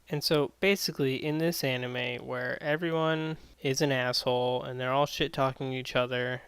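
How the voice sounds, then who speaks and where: A man's voice: medium pitch, fairly bright tone, clear, resonant tone, dry recording, low-quality recording. A man giving a casual spoken anime review in a rambling, sardonic, profane way.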